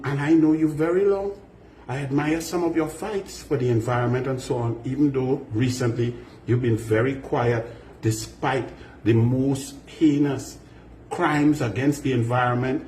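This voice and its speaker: Combative Trinidadian man, high voice. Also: darkish tone, roomy sound, a little hiss or hum. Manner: combative, addresses his target directly with repeated rhetorical questions. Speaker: political commentator. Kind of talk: direct-to-camera political rant.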